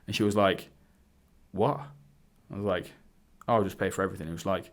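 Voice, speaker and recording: Male dating coach, lower pitch, casual to-camera storytelling, acts out the dialogue. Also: brisk. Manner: candid, swearing, acts out quoted dialogue. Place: indoors, wearing a hood. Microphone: camera mic.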